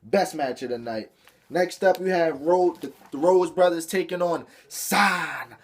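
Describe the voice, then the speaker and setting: Young male vlogger, a bit high-pitched, loose, profane and excitable, rambling through a review. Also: measured pace. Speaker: wrestling show reviewer. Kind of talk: casual rant review.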